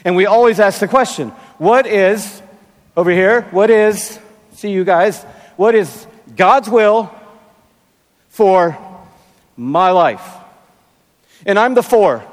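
A pastor in his sixties preaching a sermon in a large arena, with emphatic, drawn-out phrasing and playful asides. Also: high-pitched, animated. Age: 60s. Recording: long arena reverb.

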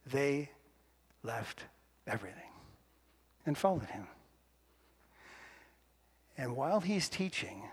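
A man preaching a sermon in a lively, playful, conversational way to his congregation. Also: medium pitch, slow, long pauses, breathy edge. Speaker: pastor. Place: church sanctuary. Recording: long reverb of a church hall.

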